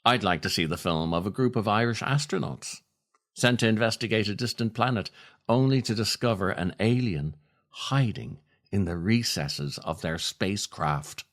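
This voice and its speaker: A man hosting a podcast and reading his own essays aloud, unhurried and reflective, with a wry, dry humor. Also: fairly low pitch, a bit bright. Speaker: podcast host.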